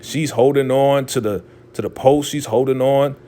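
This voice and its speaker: A man hosting a casual show recap, telling the story in an animated way and acting out quotes. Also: mid-range voice, moderate pace.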